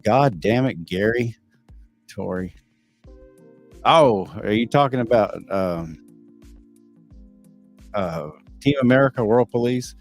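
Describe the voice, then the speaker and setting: A man's voice: mid-range voice, animated, slow pace, vocal fry, long pauses, faint music behind. A middle-aged man with a Texan accent, hosting a casual live stream and answering viewers' chat in a candid, blunt and profane way. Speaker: livestream host reading chat.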